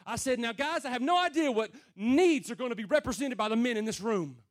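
A man preaching a sermon to a room of men, plain and folksy, rising to loud calls and dropping to low murmurs. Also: lively intonation, fairly quick. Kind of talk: sermon to a men's gathering.

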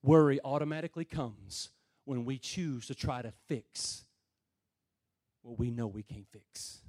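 A man preaching a sermon to a room of men, plain and folksy, rising to loud calls and dropping to low murmurs. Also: measured pace. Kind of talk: sermon to a men's gathering.

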